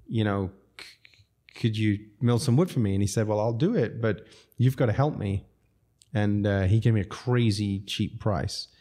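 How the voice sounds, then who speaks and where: A man's voice: fairly low pitch, normal speed, mellow. A man who runs restaurants, telling rambling, self-mocking stories in a casual podcast chat. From outside the United States. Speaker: restaurateur guest.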